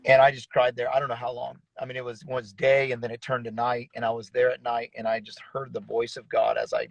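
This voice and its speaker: A man's voice: mid-range voice, level tone, a little fast, gravelly, no echo, rough recording. A man who is a pastor, sharing an earnest personal testimony in a casual, slangy conversation. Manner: earnest, casual, uses slang like bro and dude.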